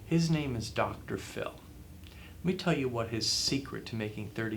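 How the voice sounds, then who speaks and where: A man's voice: mid-range voice, moderate pace, gravelly, fairly bright tone, a little hiss or hum. A man being interviewed as a guest author, giving advice in an emphatic way and repeating phrases for effect. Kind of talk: interview answers, motivational advice.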